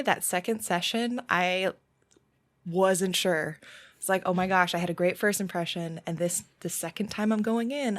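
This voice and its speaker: A woman hosting a casual podcast chat about a game, chatty and quick to laugh. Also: medium pitch, a bit bright. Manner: chatty and giggly. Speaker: podcast host.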